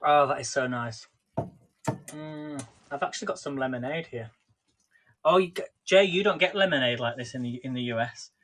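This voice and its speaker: A man's voice: mid-range voice, normal speed, a bit bright. A man casually chatting through a live cooking stream, rambling and talking to viewers by name. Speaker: livestream host.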